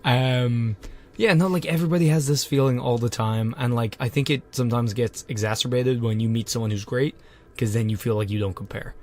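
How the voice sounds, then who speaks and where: A man's voice: medium pitch, steady tone, fairly quick. A young man co-hosting a podcast in casual chat, joking and swearing as he hands out blunt advice. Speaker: podcast co-host.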